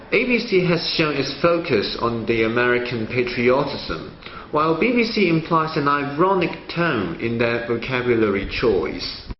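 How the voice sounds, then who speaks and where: A male student presenter reading a scripted analysis in a measured way. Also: medium pitch, slight background noise. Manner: reads a prepared analysis in a measured way. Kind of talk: scripted narration. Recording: roomy, slightly dull sound with faint ambience.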